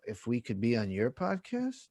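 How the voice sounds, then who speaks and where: A man's voice: mid-range voice, wildly swooping pitch, normal speed, a little mellow, no echo. A man co-hosting a casual podcast, chipping in with playful, teasing remarks. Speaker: podcast co-host.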